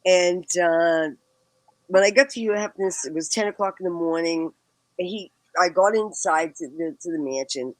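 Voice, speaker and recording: A woman's voice: fairly low pitch, moderate pace, dry recording, low-quality recording. A woman in her sixties with a Boston accent, a guest telling stories in a casual chat and laughing often between phrases. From Boston, USA. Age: 60s.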